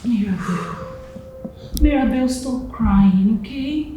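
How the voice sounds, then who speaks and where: A woman's voice: a little high, animated, slow pace, warm tone, a little hiss or hum, poor audio. An actress with a Nigerian accent playing a sister who tearfully consoles her grieving sibling in a film drama. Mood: consoling. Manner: pleading, soothing.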